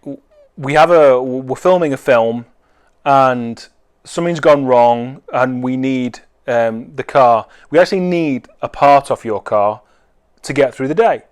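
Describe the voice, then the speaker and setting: A man's voice: medium pitch, measured pace, clean tone, lightly acted. A man voicing an eager, well-spoken young man from a film crew who keeps pressing to buy a car. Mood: urgent. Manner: pushy, insistent, repeats himself.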